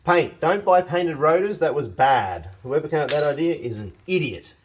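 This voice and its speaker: A slightly high, animated male voice at a moderate pace comes over slight background noise. The speaker, a channel host and home mechanic, works on his truck in his shed, wryly grumbling to the parts and often mocking himself as he thinks aloud.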